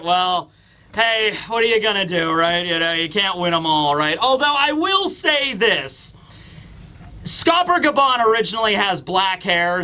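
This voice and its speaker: Male host of a manga review channel: high, bright voice, animated recap style. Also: clean tone. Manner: animated, acts out scenes with voices and laughs. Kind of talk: casual video commentary.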